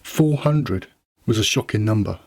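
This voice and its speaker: Low-voiced man narrating a story drily. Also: animated, a little slow, creaky, a little mellow, no room sound. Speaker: audiobook narrator. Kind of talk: scripted narration.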